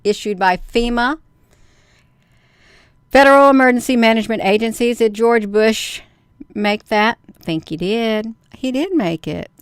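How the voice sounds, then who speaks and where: A woman's voice: on the high side, a little slow, clear, resonant tone, no echo, studio quality. A woman hosting a casual livestream, chatting with viewers, addressing them as "you all" and reading news aloud with her own comments. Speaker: livestream host.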